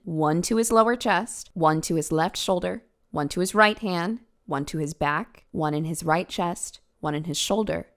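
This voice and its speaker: A woman's voice: fairly low pitch, fairly bright tone, smooth. A woman hosting a true crime podcast, telling the case in a casual, chatty way with asides to the listener.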